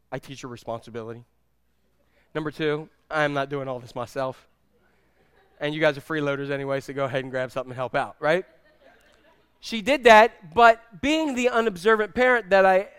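A man's voice: high-pitched, fairly bright tone, clean tone, dry recording, clean studio sound. A middle-aged man preaching a sermon, telling family stories in a conversational way and asking the audience questions. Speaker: pastor.

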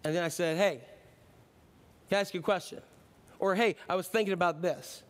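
A man's voice: high-pitched, a little fast. A middle-aged man preaching a sermon, talking in a conversational way and rising to emphatic declarations. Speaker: pastor.

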